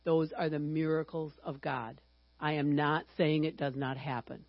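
A woman in her sixties teaches a Bible lesson in a chatty, joking way. Her talk leaps into excited outbursts. The recording sounds muffled and dry, with a faint hum underneath. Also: low-pitched, moderate pace, no room sound. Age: 60s. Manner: chatty and humorous, bursting into excited exclamations.

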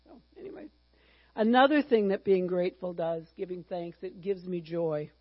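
A woman's voice: lowish voice, moderate pace, dry recording, lo-fi sound. Chatty woman in her sixties teaching a Bible lesson. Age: 60s. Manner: chatty and humorous, bursting into excited exclamations.

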